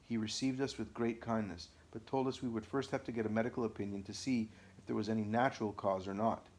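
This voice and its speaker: Measured man reading a first-person account. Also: fairly low pitch, steady tone, a little mellow. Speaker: audiobook narrator.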